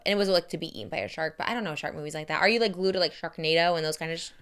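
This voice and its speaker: A woman's voice: sits low, very fast, hardly any pauses, fairly bright tone, smooth. A woman in her thirties hosting a podcast, chatting in a gossipy, rambling way with lots of fillers. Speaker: podcast host. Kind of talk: casual chat.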